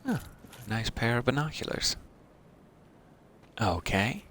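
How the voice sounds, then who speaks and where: A man's voice: mid-range voice, very animated, measured pace, fairly bright tone, a little hiss or hum. A man giving wry, self-deprecating commentary while playing a video game. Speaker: game streamer. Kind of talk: let's-play commentary.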